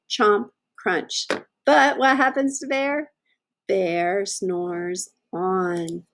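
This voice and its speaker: A woman's voice: on the high side, a little mellow. A woman teacher reading a picture book aloud to young children, stopping to ask them questions. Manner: slow, sing-song, asks children questions.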